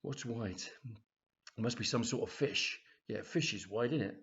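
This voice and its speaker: A man voicing Freddy, a polite young lad who mutters to himself in a low voice. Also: moderate pace, fairly bright tone, lightly acted. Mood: queasy, puzzled. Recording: dull lo-fi recording.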